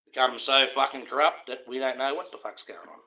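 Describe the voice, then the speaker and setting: A man's voice: medium pitch, a little fast, sharp tone, poor audio. An Australian man ranting on a live stream in a casual, profane, conspiratorial monologue, often breaking into laughter.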